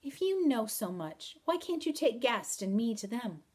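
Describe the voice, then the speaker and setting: A woman reading aloud as a stubborn, indignant peasant girl, speaking emphatically and louder than her narration. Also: a little high, very animated, normal speed. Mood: defiant. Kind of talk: audiobook reading.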